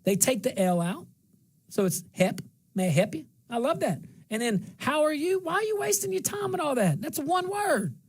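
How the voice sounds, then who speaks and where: A man's voice: very high-pitched, big pitch swings, normal speed. A middle-aged man from central Louisiana with a slight twang, hosting a talk show in a folksy, rambling monologue that repeats phrases for emphasis.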